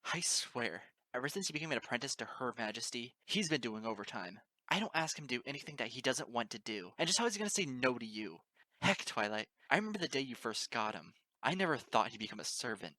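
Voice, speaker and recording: A man's voice: medium pitch, big pitch swings, fast talker, sharp tone, dry recording. A man reading the part of an easygoing, teasing female pony teacher, in a breezy, sarcastic, pushy way. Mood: heated. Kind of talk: amateur audiobook reading.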